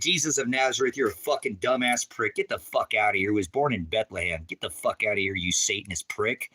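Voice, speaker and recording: A man on a livestream, ranting about scripture at his chat, swearing and taunting, dropping from low mutters to high shouts. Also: brisk. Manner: profane, taunting, mocking laughter. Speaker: livestream preacher. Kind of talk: heated livestream rant at chat.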